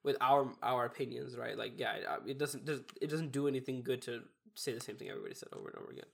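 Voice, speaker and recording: A young man co-hosting a casual podcast, raspy and nasal from a cold, talking in an easygoing, rambling way. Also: mid-range voice, fairly even intonation, fast talker. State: congested from a cold or allergies. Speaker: podcast co-host. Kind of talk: casual chat.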